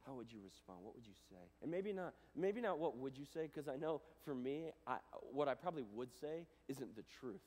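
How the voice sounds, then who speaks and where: A man giving a chapel talk to students, animated and casual, swinging between loud and hushed, with plenty of fillers. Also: medium pitch, a little fast, hardly any pauses. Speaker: guest speaker. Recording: reverberant hall.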